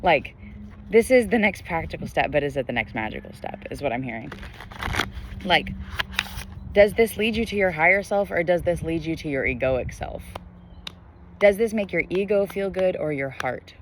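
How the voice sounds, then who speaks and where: A man's voice: a little high, lively intonation, moderate pace, noisy background. A young man giving a casual collective tarot reading to camera, rambling with lots of fillers and spiritual musing. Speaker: tarot reader. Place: indoors, bright sky glowing behind them. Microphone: camera facing the speaker.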